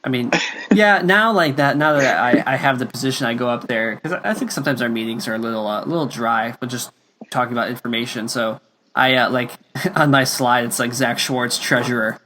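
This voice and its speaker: A man's voice: medium pitch, a little fast, sharp tone, a little hiss or hum. A young man hosting a casual podcast chat, rambling with lots of fillers and restarts. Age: young adult. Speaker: podcast host.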